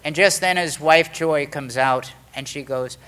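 A man's voice: a little high, unhurried, clear, resonant tone. A middle-aged man telling a story from his recovery to a meeting, acting out the voices of the people in it. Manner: animated storyteller, acts out quoted voices.

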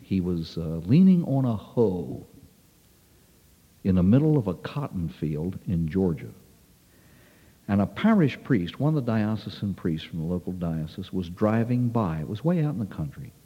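A man delivering a sermon in a big, reverberant church, his low, husky voice swinging widely as he tells a story. The tone is mellow and folksy. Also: big pitch swings, normal speed, highs cut off. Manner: folksy storytelling, acting out dialogue with rising pitch. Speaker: priest. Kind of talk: sermon with a told anecdote. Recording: long reverb of a large hall.

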